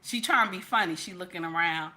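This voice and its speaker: A woman's voice: fairly low pitch, a little fast, pushed and bright. A woman, commenting casually and emphatically to her viewers, peppering every line with "okay?" and calling them "baby.". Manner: chatty and emphatic, keeps repeating "okay?"; addresses viewers directly as "baby" and "y'all". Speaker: social media commentator.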